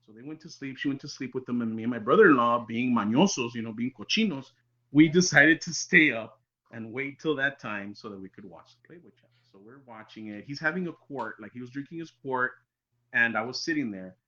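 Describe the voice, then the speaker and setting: Man, podcast guest, storytelling, bright voice, lo-fi recording. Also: mid-range voice. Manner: animated storyteller, drops to near-whispers for tense moments. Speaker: interview guest. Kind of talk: telling a personal encounter story. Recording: dull lo-fi sound.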